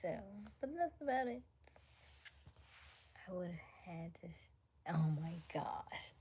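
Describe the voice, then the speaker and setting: A woman's voice: fairly low pitch, big pitch swings, slow, darkish tone, slight background noise. A woman hosting a livestream, chatting casually with viewers and reading their comments aloud, often laughing and dropping to near-whispers. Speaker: livestream host.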